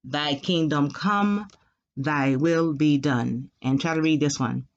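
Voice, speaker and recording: Patient woman teaching a class, muffled. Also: sits low. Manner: patient, drills phrases slowly and repeats them. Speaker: Spanish teacher. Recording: dull lo-fi sound.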